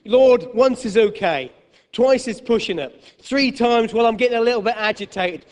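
A man voicing an exasperated male disciple who gets more agitated with each count, in a high, loud voice. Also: normal speed, big-room sound. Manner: escalating, comically agitated, much higher and louder.

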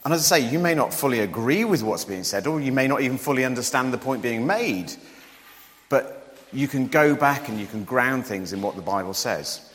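Male preacher, chatty and joking, lively rising pitch, long church-hall reverb. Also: moderate pace. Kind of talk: sermon.

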